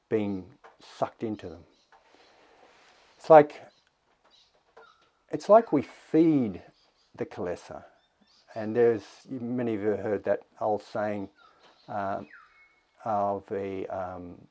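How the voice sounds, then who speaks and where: A man giving a dharma talk as a meditation teacher, in a slow, reflective way with thoughtful pauses. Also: lowish voice, warm tone.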